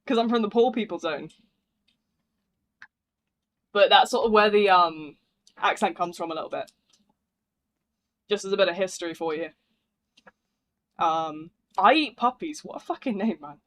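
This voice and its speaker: High-voiced northern English man, rambling chat. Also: unhurried, long pauses, a bit bright. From northern England. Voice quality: thick voice. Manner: rambling, chatty, slangy, swears casually. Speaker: game streamer. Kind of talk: casual live stream chat.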